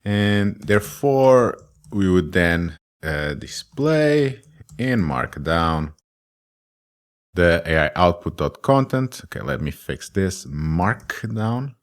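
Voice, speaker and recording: A man's voice: sits low, sing-song, slow pace. A man teaching a casual coding tutorial, thinking aloud with many ums and self-deprecating jokes. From Germany. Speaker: course instructor.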